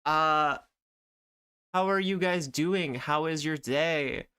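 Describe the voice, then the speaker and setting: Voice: medium pitch, takes it slowly, bright, forceful tone, clean tone. A streamer chatting casually to viewers while drawing, greeting them by name, with rambling asides.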